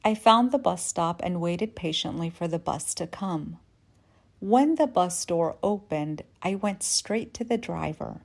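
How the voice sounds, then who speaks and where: A woman from Yemen in her forties telling a personal story in a measured, reflective way. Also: fairly low pitch, darkish tone. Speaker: podcast host.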